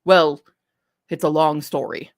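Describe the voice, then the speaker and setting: A woman's voice: sits low, fairly even intonation, slow. Woman doing a smug, prickly young man. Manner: curt and smug.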